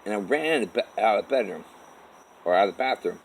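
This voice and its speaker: A man telling his own life story in a halting, rambling way, with many restarts. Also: lowish voice, animated, a little hiss or hum, rough recording. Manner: halting, with restarts and repeated "all of a sudden". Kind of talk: rambling first-person storytelling.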